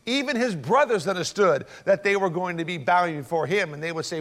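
A man's voice: high voice, a little fast, hardly any pauses, fairly bright tone. A male pastor preaching an expository sermon, emphatic and asking rhetorical questions.

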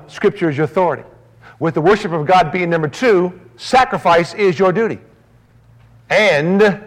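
Male pastor, sermon, emphatic, somewhat high-pitched, loud peaks and hushed drops. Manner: emphatic preaching, swinging from loud raised emphasis to soft low drops.

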